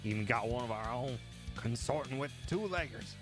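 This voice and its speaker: A man's voice: mid-range voice, lively intonation, normal speed, over music, close to an everyday voice. A man putting on a taunting dog-like cur with a mixed Aussie-British accent. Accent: mixed Australian and British. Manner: gruff, taunting, swaggering. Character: rowdy troublemaking male dog-like cur.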